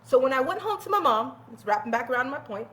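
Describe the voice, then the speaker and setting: A woman with a slightly high voice tells a personal story in casual talk. She is candid and animated, swears freely and breaks into laughter often. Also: quick pace. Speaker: guest telling her life story.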